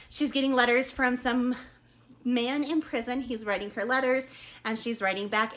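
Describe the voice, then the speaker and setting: A woman's voice: on the high side, bright, forceful tone. A woman chatting casually as a book reviewer, rambling with many fillers and self-corrections. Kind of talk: casual chat.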